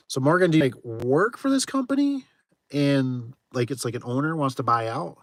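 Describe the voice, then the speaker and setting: With an expressive, medium-pitched voice at a moderate pace, the owner of a garage door repair company banters with his livestream audience, laughing and exclaiming freely. The sound is clean studio quality with no echo.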